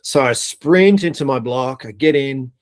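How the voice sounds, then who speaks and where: A middle-aged man from Australia, a podcast guest and air force veteran, telling a story in a lively, swearing way and laughing as he goes. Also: mid-range voice, a little slow. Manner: animated, swears a lot, laughs through his story. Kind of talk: casual storytelling.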